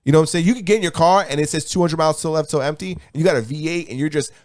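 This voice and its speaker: A man's voice: a little high, rapid-fire, darkish tone, no room sound. Laid-back man arguing in casual chat. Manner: laughs often, argues points in a loose profane way. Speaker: podcast co-host.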